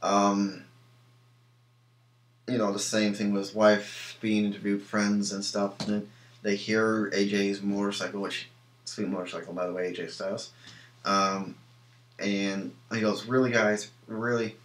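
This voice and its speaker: Young male reviewer, lowish voice, casual and opinionated, echoey room. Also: completely flat delivery, measured pace, pauses often, a bit bright. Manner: rambling, many ums and restarts, opinionated. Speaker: wrestling show reviewer.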